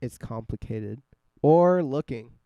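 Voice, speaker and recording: A man hosts a casual podcast, joking and swearing easily. His voice is warm and dark with a smooth, clean tone. It is recorded close, with a dry sound. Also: mid-range voice, lively intonation, takes it slowly, no room sound, dull audio. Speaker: podcast host. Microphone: scarf-wrapped microphone.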